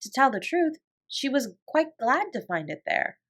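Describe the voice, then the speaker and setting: Woman reading a bedtime story out loud, kinda high voice, lots of up and down. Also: measured pace. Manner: expressive, storytelling. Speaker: audiobook reader.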